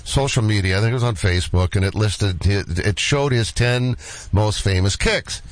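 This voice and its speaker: A man hosting a casual interview, asking questions in a relaxed, conversational way. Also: lowish voice, normal speed, no room sound, poor audio.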